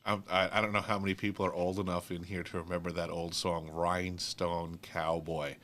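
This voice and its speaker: A man's voice: low-pitched, level tone, fairly quick, fairly bright tone. A man from New York hosting a casual chat, telling rambling stories with lots of fillers and easy laughter. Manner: rambling storyteller, laughs easily, many fillers. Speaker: host.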